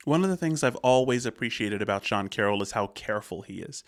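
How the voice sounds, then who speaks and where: A man's voice: on the low side, animated, a little fast. An American man hosting a reaction video, talking through his thoughts in a casual, rambling way with restarts and fillers. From United States. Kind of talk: casual commentary on a clip.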